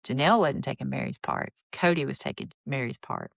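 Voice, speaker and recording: Podcast host, woman, low register, opinionated recap commentary, indignant edge, dry studio sound. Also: a little fast, creaky, dry recording. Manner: blunt, indignant, opinionated retelling.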